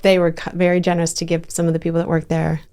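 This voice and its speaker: A woman's voice: fairly low pitch, completely flat delivery, very fast, darkish tone, clear, resonant tone. A woman co-hosting a podcast, asking interview questions in a casual, teasing chat. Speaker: podcast co-host.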